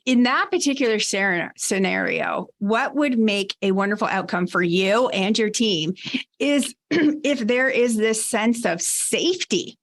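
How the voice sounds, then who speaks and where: Measured woman giving leadership advice. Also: mid-range voice, lively intonation. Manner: measured, explanatory. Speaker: podcast guest, leadership advisor. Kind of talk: conversational advice.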